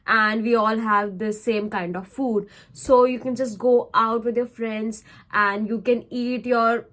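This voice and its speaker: A woman's voice: on the high side, steady tone, unhurried, a bit bright. Chatty Indian woman vlogging advice. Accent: Indian English. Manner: chatty, mixes in Hindi, explains step by step. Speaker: vlogger, international student. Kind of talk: casual advice vlog.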